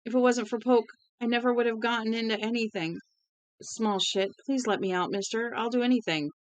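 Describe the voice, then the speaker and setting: A woman's voice: lowish voice, expressive, normal speed, a bit bright, dry recording. A woman voicing a starving, terrified male prisoner who whines and begs through sobs, in a storybook reading. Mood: sobbing plea. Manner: whiny, sobbing, begging.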